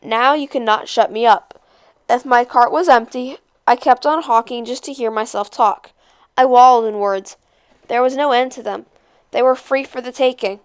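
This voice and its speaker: A young woman casually introducing, then reading a novel aloud with expressive character voices. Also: a little high, normal speed, clear, resonant tone, no room sound. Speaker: read-aloud host.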